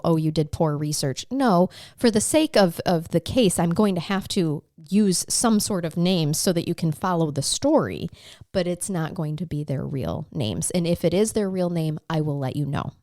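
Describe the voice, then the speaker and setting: A woman's voice: low voice, lively intonation, moderate pace, dark tone, no echo, studio quality. A woman co-hosting a true-crime podcast who talks in a chatty, self-deprecating way, laughs often and swears casually. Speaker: podcast co-host presenting the case.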